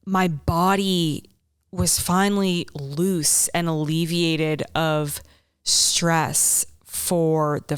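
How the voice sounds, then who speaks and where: Slow-talking candid woman podcaster. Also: low voice, clear, resonant tone, dry recording, clean studio sound. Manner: candid, rambling, swears freely, acts out her own thoughts. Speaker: podcast host. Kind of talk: casual personal storytelling.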